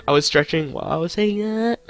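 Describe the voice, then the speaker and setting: A man's voice: high voice, very animated, moderate pace, creaky. A young man commentating his own gameplay, joking to himself and swearing at the game. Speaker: gaming channel host.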